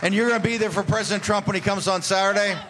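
A man's voice: high-pitched, steady tone, racing. A man hosting live interviews on a convention floor, hyping the crowd. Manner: boisterous, hypes the crowd. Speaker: host. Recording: loud crowd and noise.

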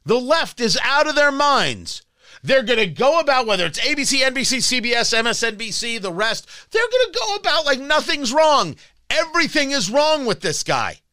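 A man's voice: very high-pitched, big pitch swings, normal speed, sharp tone, no room sound. A man hosting a political talk show, ranting in a combative, scornful opinion monologue.

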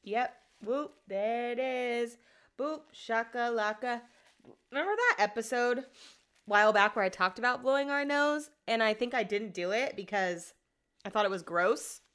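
A young woman hosts a solo podcast in a slightly high, animated voice that's clear, resonant, and fairly bright, speaking at a moderate pace. She rambles through a casual story, saying "like" constantly and swearing now and then.

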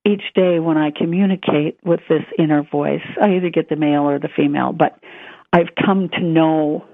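A woman guest telling a personal story in conversation, animated, acting out the voices she quotes. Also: deep voice, moderate pace, creaky, dry recording. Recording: tinny phone line.

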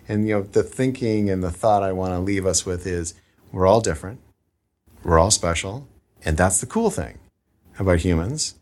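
A man's voice: low-pitched, darkish tone. A man hosting a podcast, talking casually and with enthusiasm, using lots of fillers. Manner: enthusiastic, upbeat, with frequent fillers. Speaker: podcast host. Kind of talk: casual conversation.

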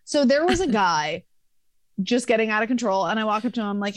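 A young adult woman, a podcast guest, telling a bar story in a casual, profane, animated way with acted-out quotes. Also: on the high side, fairly quick, no room sound.

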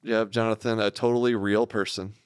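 A man's voice: on the low side, level tone, fairly quick, clean tone, no room sound, clean studio sound. A man hosting a podcast, running a joking rating game with his guest. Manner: joking, game-show-style rating segments. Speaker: podcast host. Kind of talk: casual chat.

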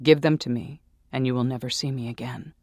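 A man voicing a defiant young woman who makes loud, threatening demands. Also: medium pitch, fairly even intonation, brisk, no room sound, studio quality, natural voice.

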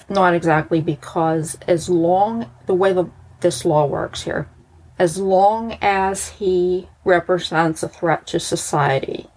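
A woman from the United States recounts a true crime story in a loose, conversational way. She is blunt and sarcastic, and her voice sits a little on the low side. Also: a little mellow, slightly rough, low-quality recording. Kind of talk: casual storytelling.

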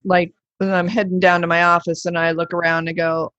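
A woman's voice: on the low side, level tone, a little fast, hardly any pauses, fairly bright tone, no room sound. A woman host chats with her guest in a chatty, eager way. Her voice comes through dry and a little dull, with no room sound. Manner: enthusiastic, chatty. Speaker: podcast host. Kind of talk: conversational interview.

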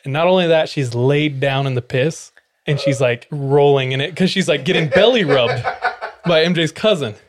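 A man's voice: a little high, moderate pace, noisy background. A young man, a podcast host, telling a funny personal story in casual chat, laughing often and swearing freely.

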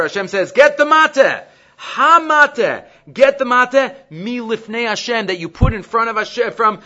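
A man giving a Torah class, reading Hebrew quotes and explaining them in English with animated emphasis. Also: sits high, muffled recording. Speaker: Torah teacher.

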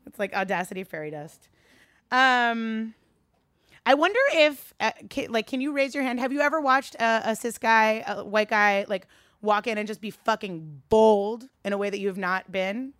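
A woman giving a candid, animated talk to a live audience, swearing freely and rising into a high register when worked up. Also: moderate pace, no room sound, studio quality. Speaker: speaker addressing a live audience.

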